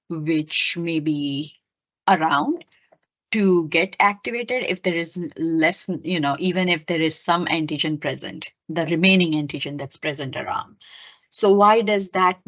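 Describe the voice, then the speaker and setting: Woman lecturer, pretty low voice, lots of uhs and fixes herself, kinda muffled recording. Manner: explanatory, with frequent fillers and self-corrections.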